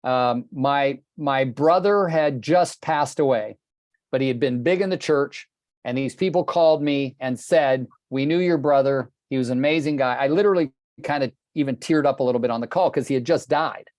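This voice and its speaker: A man's voice: mid-range voice, normal speed, darkish tone, no room sound. An older man leads a coaching call, telling his stories with blunt passion and the odd curse word. His voice sits in the middle range and the sound is dry and close, with no room around it. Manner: blunt, passionate, swears casually. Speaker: real estate coach. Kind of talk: group coaching call, storytelling. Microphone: video call.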